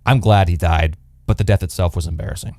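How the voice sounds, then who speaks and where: A man's voice: low-pitched, quick pace, darkish tone, no echo, studio quality. A man co-hosting a casual podcast, blunt and sarcastic, rambling and swearing casually. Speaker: podcast co-host.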